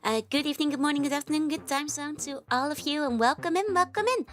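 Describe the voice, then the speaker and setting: A bubbly woman streamer with a high, bright-toned voice, chatting live with her viewers and giggling often. She is still recovering from a cold, and soft music plays faintly behind her streaming mic. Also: steady tone. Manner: bubbly, giggly, rapid repeated greetings. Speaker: VTuber streamer.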